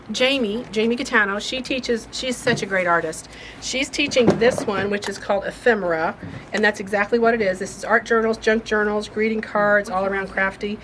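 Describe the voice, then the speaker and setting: Chatty shop lady running through the class list, folksy and rambly, noisy room. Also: mid-range voice. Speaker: shop host and class teacher. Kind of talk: casual shop-update chat.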